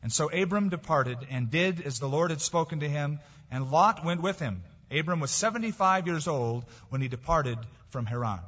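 Emphatic preacher in an echoing church hall. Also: male voice, on the high side, expressive, moderate pace, hardly any pauses. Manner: emphatic preaching with sudden drops to quiet. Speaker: pastor. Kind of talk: sermon. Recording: dull lo-fi recording in a reverberant hall.

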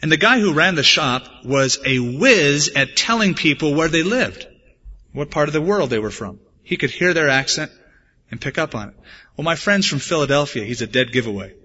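Male pastor from the States, sermon delivery, earnest with touches of humor, sharp ringing tone, muffled recording with long reverb. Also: a little high, lively intonation, normal speed, husky. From United States. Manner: earnest preaching mixed with humorous personal stories. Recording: dull, echoey church hall recording.

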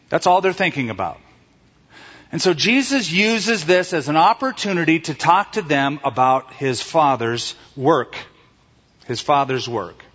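Animated male pastor in a reverberant hall. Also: on the high side, unhurried, slightly rough. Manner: animated storytelling, acting out quoted voices. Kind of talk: sermon. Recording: reverberant hall, dull lo-fi sound.

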